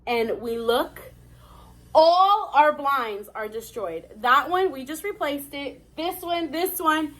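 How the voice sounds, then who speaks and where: A woman's voice: high-pitched, lively intonation, slow pace, fairly bright tone. A young woman vlogger dramatically retelling a story, full of "I'm like" asides. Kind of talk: storytime narration.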